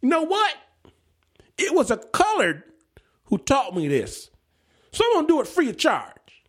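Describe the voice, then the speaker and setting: A man's voice: sits high, huge pitch swings, fairly quick, a bit bright, husky, pitched above the performer's own voice, exaggerated voice. A man voicing a swaggering, cocky older well witcher with a drawling, boastful folksy way of talking.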